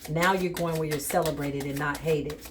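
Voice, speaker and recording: A woman's voice: deep voice, fairly even intonation, moderate pace, background noise. A woman giving a spiritual tarot reading, speaking bluntly and emphatically straight to the viewer. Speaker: tarot reader.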